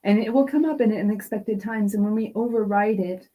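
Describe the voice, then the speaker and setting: A woman hosting a podcast and coaching her guest in a gentle, soothing, checking-in manner. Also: medium pitch, brisk, low-quality recording. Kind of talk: coaching conversation.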